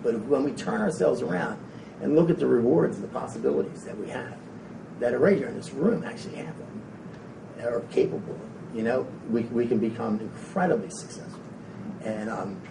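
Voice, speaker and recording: A man giving a rambling, energetic motivational talk to a live audience, frank and casual with some swearing. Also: mid-range voice, a little fast, gravelly, recorded from a distance. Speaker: motivational speaker. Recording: echoey room, speaker away from the mic, faint noise.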